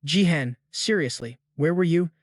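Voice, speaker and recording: A man's voice: a little high, lively intonation, normal speed, no echo, clean studio sound. A man voicing a frantic woman who talks in an urgent, commanding way. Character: frantic woman driving the getaway car.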